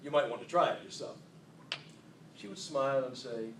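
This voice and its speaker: A man giving a humorous contest speech to an audience in a hall, playful and self-mocking, with unhurried comic timing. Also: medium pitch, background noise. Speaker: contest speaker. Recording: echoey hall, distant mic.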